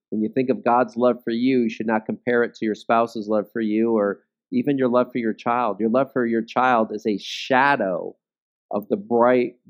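A man's voice: lowish voice, lo-fi sound. A man leading a Bible study, teaching in a conversational way and often checking in with his listeners.

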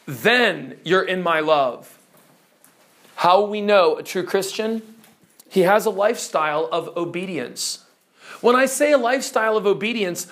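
A man preaching a teaching sermon who speaks emphatically and keeps putting questions to his listeners. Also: sits high.

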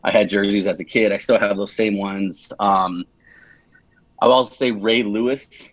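A young Californian man in his twenties, a guest on a podcast, chats casually with a fairly low, steady voice at a moderate pace. He rambles, restarting often and using lots of fillers. The audio is dry, dull and lo-fi.

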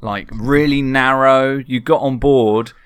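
A man's voice: medium pitch, fairly even intonation, slow pace, a bit bright, clear, resonant tone, dry recording. Chatty man hosting a podcast. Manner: chatty, self-mocking storyteller. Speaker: podcast co-host. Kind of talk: casual podcast chat.

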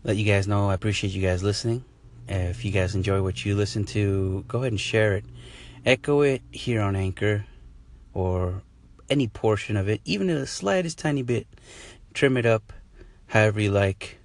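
A man ends his own podcast episode casually, rambling with plenty of chuckles and self-deprecating asides. His voice is on the low side with fairly even intonation, at a moderate pace, on a dry recording.

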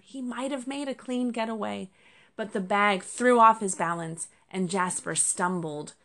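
A woman narrating a storybook with an expressive, measured reading. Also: mid-range voice, gravelly.

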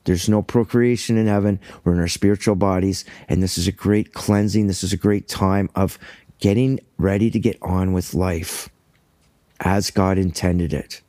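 A man's voice: low voice, steady tone, moderate pace, mellow, no room sound. A man teaching from the Bible in a casual, earnest way, reading verses aloud and then explaining them with enthusiasm. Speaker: preacher.

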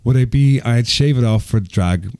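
Guy, mellow warm voice, teasing banter on a podcast. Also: medium pitch, moderate pace, no room sound. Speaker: podcast co-host. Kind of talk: casual chat.

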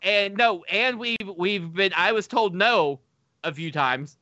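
A man co-hosting a casual podcast chat, talking in an animated, questioning way. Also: high-pitched, takes it slowly, no room sound, lo-fi sound. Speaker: podcast co-host.

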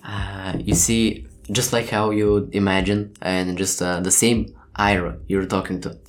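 A man's voice: lowish voice, little pitch movement, measured pace. A man narrating as game master, rambling with many hesitations, swearing freely and laughing often.

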